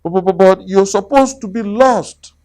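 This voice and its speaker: A man's voice: medium pitch, slow pace, clean tone, natural voice. A man voicing a timid male rabbit in a children's storybook reading, fearful and stammering. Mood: dismayed. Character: timid, jumpy male rabbit, easily frightened.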